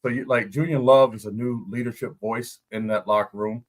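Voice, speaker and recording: Ex nfl lineman guy on a podcast, tells stories, laughs a lot, mid-pitch voice. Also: fairly quick. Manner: animated storytelling, laughs often. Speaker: guest analyst, former NFL lineman. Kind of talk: casual podcast chat.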